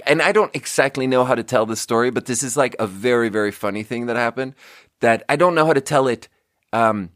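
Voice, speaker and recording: A man's voice: mid-range voice, dry recording, clean studio sound. A man hosting a podcast, rambling casually, swearing often and laughing at his own jokes. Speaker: podcast host. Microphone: close studio mic.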